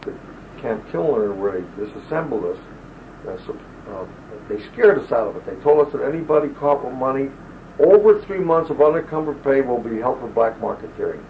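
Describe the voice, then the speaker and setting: An older army veteran with a medium-pitched, expressive voice talks a little fast as he shares rambling wartime stories in an oral-history interview. He drifts off on tangents and acts out the voices of the people he quotes. It was captured on a home audio recorder, lo-fi old tape with faint hiss.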